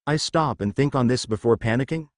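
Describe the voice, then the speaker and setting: A fan fiction narrator reads a first-person story, doing all the characters' lines in his own voice. He speaks fairly quickly in a mid-range voice, with studio-quality sound and no room noise.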